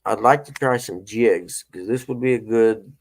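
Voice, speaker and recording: A man's voice: on the low side, moderate pace. A middle-aged man, hosting a casual morning show and telling rambling, folksy stories. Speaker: host.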